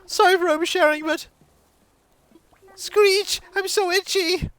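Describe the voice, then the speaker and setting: A streamer voicing an itchy, fussy female elephant villager from a life-sim game in a squeaky voice. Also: fairly even intonation, unhurried, a bit bright, dry recording.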